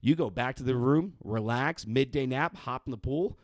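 A man's voice: medium pitch, normal speed, no room sound. A young man delivering a profane, rambling rant in a casual monologue, exasperated and sweary. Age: young adult. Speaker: vlogger ranting.

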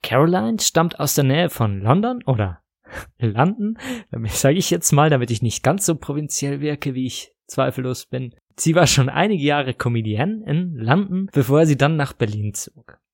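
A man hosting a podcast and reading a scripted introduction in a measured, self-deprecating way. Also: fairly high pitch, lively intonation, gravelly, dry recording, studio quality. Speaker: podcast host.

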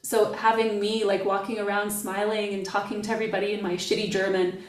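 A middle-aged woman from Canada, a podcast guest, telling stories in a playful, animated way. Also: medium pitch, a little fast. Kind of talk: casual podcast conversation. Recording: echoey and distant from the mic.

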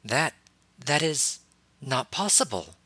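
A man voicing a stern, disciplined alien woman warrior master, speaking in a measured, cold way. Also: mid-range voice, sing-song, pushed and bright, slightly rough, no echo, pitched above the performer's own voice, exaggerated voice. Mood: stunned.

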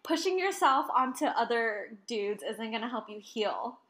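Animated young woman telling a story. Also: on the high side, normal speed. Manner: animated, swearing, acts out quotes. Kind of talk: casual storytelling chat.

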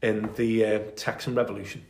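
A man's voice: on the low side, level tone, a little fast, darkish tone, echoey room. A man co-hosting a podcast, telling military history stories in a casual, enthusiastic way with many fillers. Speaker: podcast co-host.

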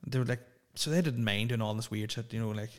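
A man's voice: fairly low pitch, fast. A young man hosting a casual solo podcast, rambling, joking and swearing freely. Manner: rambling, profane and jokey. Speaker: podcast host.

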